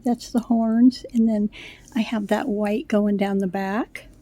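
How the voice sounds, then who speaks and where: A middle-aged woman shows off her crochet pieces in a chatty, gushing way, rambling along with fillers. Her voice is mellow and relaxed, and she sounds a little out of breath. The recording is dry and close, with no room sound. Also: fairly high pitch, no room sound. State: slightly out of breath. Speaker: crochet vlogger. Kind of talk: casual show-and-tell chat.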